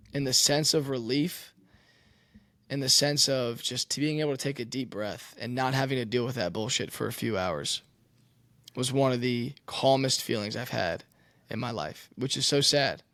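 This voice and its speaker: A man's voice: mid-range voice, normal speed, fairly bright tone, no room sound. A young man who plays college quarterback, telling his story candidly and emotionally, swearing and saying "man". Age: young adult.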